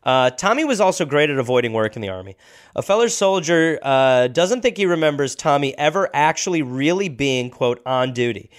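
A man's voice: on the high side, big pitch swings, a little fast. A man hosting a comedy podcast, telling a history story casually with jokey asides. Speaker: podcast host.

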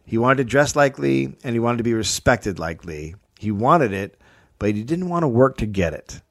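A man with a medium-pitched voice who tells a history story for a comedy podcast. He keeps it dry and matter-of-fact, dropping in wry asides along the way. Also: sing-song, normal speed, gravelly, a bit bright.

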